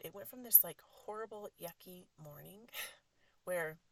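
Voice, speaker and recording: Chatty low-voiced woman telling a story. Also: a little slow, gravelly. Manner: rambling, heavy use of "like", animated retelling. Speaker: podcast host and energy healer. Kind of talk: casual storytelling monologue.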